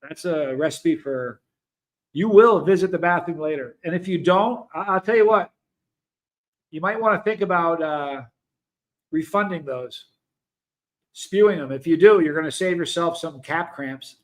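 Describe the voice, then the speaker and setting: Man, high voice, casual livestream host, reads chat aloud, rambling. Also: unhurried, pauses often. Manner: chatty, rambling, self-interrupting. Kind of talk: casual livestream chat, reading viewer comments.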